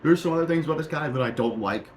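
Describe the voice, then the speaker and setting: Ranting angrily at the camera, this young man swears and repeats himself in rapid-fire bursts with a fairly high-pitched voice. He is a YouTuber recording at home in a small room with a cheap microphone. The recording is rough, with faint hiss or hum.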